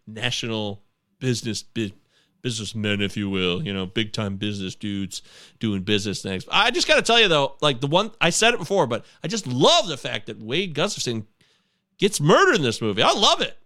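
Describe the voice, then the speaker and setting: A man's voice: medium pitch, big pitch swings, a little fast, sharp tone. A man from Michigan hosting a casual film discussion podcast, blunt and profane. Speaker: podcast host.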